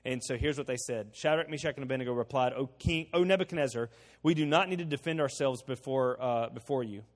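Animated male preacher in a reverberant hall. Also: mid-range voice, fast talker. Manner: animated, joking preacher, swings from loud to soft. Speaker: pastor. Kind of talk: sermon. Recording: long reverb of a large hall.

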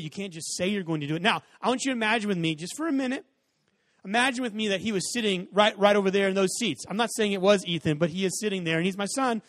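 A man in his forties preaches a sermon from the stage of a church sanctuary, telling stories in an easy, conversational way and acting out both sides of arguments loudly. His voice sits high for a man. The mic is close, with a long reverb tail from the hall behind it. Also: fast talker. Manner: conversational storytelling, acts out exchanges in raised voices. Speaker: pastor.

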